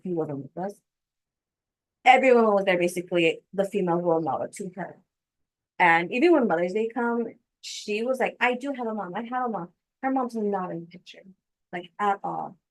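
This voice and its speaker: A woman who works as a preschool teacher, speaking in a thoughtful, halting way in a casual podcast chat. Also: lowish voice, poor audio.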